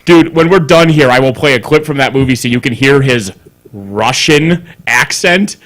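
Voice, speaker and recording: Man, podcast co-host, casual chat, animated, swears a lot, laughs often. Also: medium pitch, a little fast. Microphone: studio mic on a live stream.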